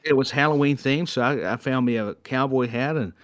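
Teasing podcast co-host, stammering starts. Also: male voice, mid-range voice, brisk, no echo, clean studio sound. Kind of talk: casual chat.

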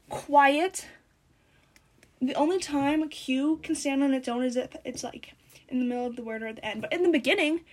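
Teen girl, high voice, casual vlog chat, sarcastic, rambling, chewing gum. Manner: rambling, sarcastic, animated storytelling; chewing gum while talking. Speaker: vlogger.

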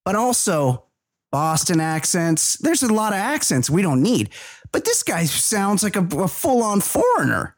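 A man's voice: sits high, a little slow, dry recording, studio quality. A man co-hosting a casual comedy podcast, rambling and profane as he riffs. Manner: rambling, profane, animated riffing. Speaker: podcast co-host.

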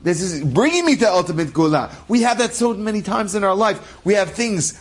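A male religious storyteller with a high-set voice, telling the tale dramatically. He speaks with animated energy and draws lessons for his listeners. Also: fairly quick. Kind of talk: inspirational story sermon.

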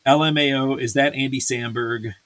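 A man's voice: mid-range voice, steady tone, moderate pace, fairly bright tone. A man hosting a casual review chat, swearing freely and ranting with many fillers and restarts. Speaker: podcast host reviewing a series.

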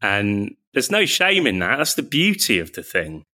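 Man artist guest, enthusiastic, self-deprecating, bright voice, lively pitch. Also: normal speed. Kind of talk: casual interview chat.

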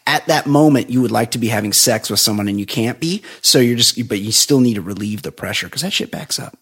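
A man with a husky, breathy voice chats loosely as a podcast co-host. He rambles through his stories and laughs often. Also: mid-range voice, expressive, a little fast, a bit bright. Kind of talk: casual chat.

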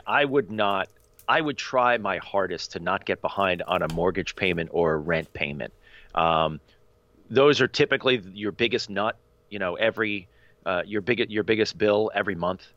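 Low-voiced man on a dull, dry line. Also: fairly bright tone, no echo. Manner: earnest and opinionated, many fillers. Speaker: podcast co-host. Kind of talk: casual podcast discussion.

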